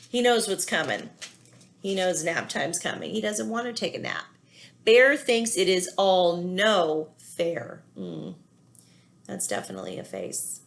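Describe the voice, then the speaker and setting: A woman teacher reading a children's picture book aloud, pausing often to gently explain feelings to young listeners. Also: medium pitch, creaky. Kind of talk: children's read-aloud with commentary.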